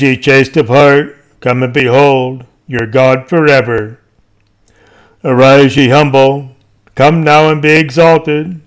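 A man reading a sermon aloud in a solemn, declamatory way, with slow, emphatic calls. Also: medium pitch, clear, resonant tone. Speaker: preacher.

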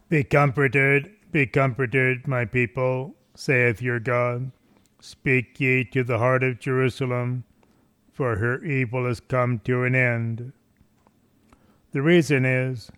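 A man reading a devotional meditation aloud in a solemn, measured way, rising into fervent exclamations. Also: medium pitch, a bit bright, no echo. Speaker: reader.

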